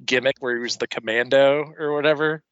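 A man trades stories on a casual podcast, chatty and profane and often laughing. His tone is bright and edgy. The recording is dry and muffled, with a lo-fi sound. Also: medium pitch, fairly even intonation, fairly quick, smooth, dry recording. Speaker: podcast co-host. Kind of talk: casual wrestling chat.

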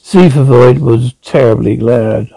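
A man narrating an audiobook in a halting way, often stumbling and correcting himself. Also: medium pitch, vocal fry, dark tone, husky, dry recording, low-quality recording. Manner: halting reading with frequent self-corrections. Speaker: audiobook reader.

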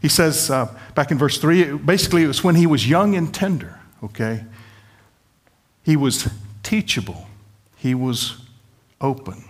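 A middle-aged man preaching a sermon in a conversational, pleading way, with self-deprecating asides. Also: on the high side. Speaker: pastor.

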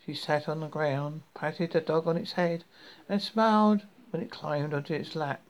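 A man hosting a horror podcast, reading a story in a slow, deliberate way. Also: on the high side, steady tone.

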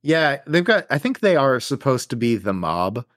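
A man's voice: mid-range voice, sing-song, moderate pace, fairly bright tone, no room sound, clean studio sound. Profane man in casual podcast chat. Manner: loose and profane, trails off searching for words. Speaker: podcast co-host. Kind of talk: casual chat recapping a film.

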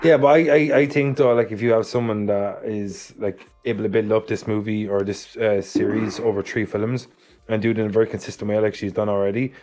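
A man's voice: lowish voice, steady tone, darkish tone. An Irish man co-hosting a casual podcast chat, talking in an easygoing way with lots of "like" fillers. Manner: quick and easygoing, with many "like" fillers. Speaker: podcast co-host.

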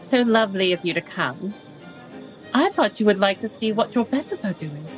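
A woman's voice: medium pitch, expressive, normal speed, soft background music, natural voice, rough recording. A woman doing a haughty, barbed Regency society lady. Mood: sweetly cutting. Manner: sweetly barbed, mock-polite. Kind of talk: tabletop role-play in character.

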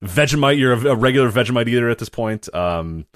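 A man's voice: mid-range voice, expressive, fast, dry recording, clean studio sound. A man co-hosting a podcast in casual chat, rambling and restarting his sentences, laughing partway through them. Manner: rambling, self-interrupting, laughs mid-sentence. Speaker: podcast co-host. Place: American.

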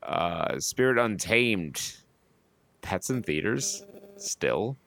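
A man co-hosting a podcast, running through box office figures with wry, quick asides. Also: on the low side, very animated, creaky, fairly bright tone. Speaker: podcast co-host. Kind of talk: reading box office numbers in casual podcast chat.

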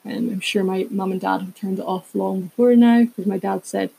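Husky woman chatting on a podcast. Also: mid-range voice, steady tone, moderate pace, hardly any pauses, mellow, poor audio. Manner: rambling, full of tangents and self-corrections. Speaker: podcast host. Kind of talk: casual solo podcast chat.

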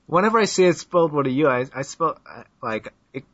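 A man's voice: a little high, animated, fast talker, fairly bright tone, no room sound. Joking man hosting a podcast. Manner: joking, teasing, laughs often. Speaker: podcast host. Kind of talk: casual chat. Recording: dull lo-fi dry sound.

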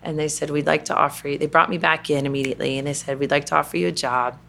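Low creaky-voiced Southern woman. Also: steady tone, rapid-fire, a bit bright, slight background noise. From Kentucky, USA. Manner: chatty storytelling with many fillers. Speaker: interview guest, company president. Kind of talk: conversational interview.

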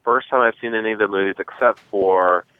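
A man leaving a casual voicemail for a podcast, talking in a hurried way with lots of fillers. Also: fairly low pitch, clear, resonant tone. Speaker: caller. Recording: tinny dry phone line.

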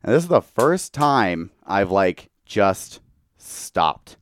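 Tipsy young guy, deep smooth voice, rambling candid chat, lots of "like". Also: very animated, takes it slowly. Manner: candid, heavy use of "like". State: tipsy from tequila. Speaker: podcast guest. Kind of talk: casual chat.

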